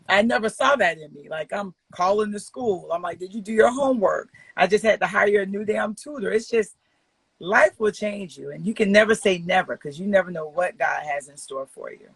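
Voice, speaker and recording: A woman's voice: mid-range voice, gravelly, husky, no room sound. A woman in her forties, a talk show guest, speaking candidly in casual chat and telling personal stories with blunt, emphatic, profane language. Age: 40s.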